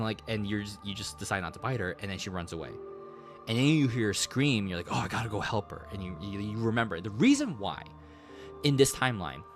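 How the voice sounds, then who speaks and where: Excitable young man with a lively voice. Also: mid-range voice. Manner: excitable, rambling, frequent "like" and swearing. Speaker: streamer. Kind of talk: casual game recap.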